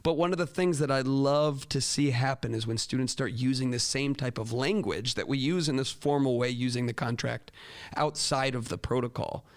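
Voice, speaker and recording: A man's voice: medium pitch, moderate pace. A man, a teacher, talking earnestly to fellow teachers and acting out quoted dialogue in a raised voice. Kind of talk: talk to teachers with classroom stories.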